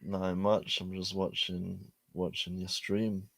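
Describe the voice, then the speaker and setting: A laid-back low-voiced man, bone-dry sound. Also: flat delivery, slow, creaky, fairly bright tone, no echo. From London. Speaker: stream guest. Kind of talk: casual chat on a call.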